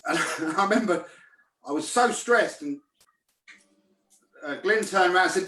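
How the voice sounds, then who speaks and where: A man's voice: high voice, animated, measured pace, long pauses, bright, forceful tone. A man, a chef, telling kitchen stories on a video call, swearing freely and laughing as he talks. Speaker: guest chef. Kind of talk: casual storytelling on a video call. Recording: echoey room, far from the mic.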